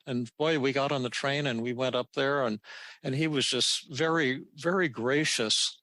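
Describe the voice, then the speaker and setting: Older man, podcast host, casual storytelling, halting with many restarts, bright voice, dry close sound. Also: medium pitch, no echo. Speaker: podcast host answering listener questions.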